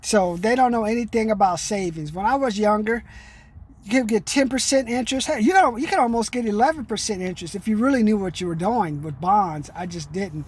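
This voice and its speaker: A middle-aged vlogger talks to his camera in a loose, rambling monologue, streetwise and frequently saying "man." His high voice is fairly quick and has a breathy edge.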